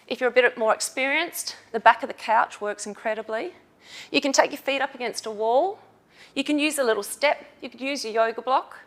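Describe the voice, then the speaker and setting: High-voiced woman coaching handstand drills. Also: fairly bright tone. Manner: encouraging, cueing and counting reps. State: strained from holding poses. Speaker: fitness instructor. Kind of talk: handstand workout instruction.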